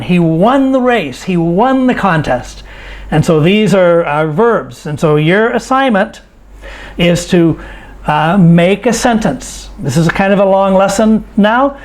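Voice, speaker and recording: Patient language teacher, unhurried drill delivery, mid-pitched voice. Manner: slow, deliberate drilling of verb forms with example sentences. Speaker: English teacher. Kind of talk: ESL grammar lesson.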